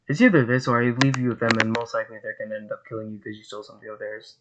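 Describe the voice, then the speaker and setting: A man's voice: fairly low pitch, steady tone, rapid-fire, highs cut off, natural voice. Luffy, a cocky young pirate captain, as a man voices him. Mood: smug. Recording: noisy home recording.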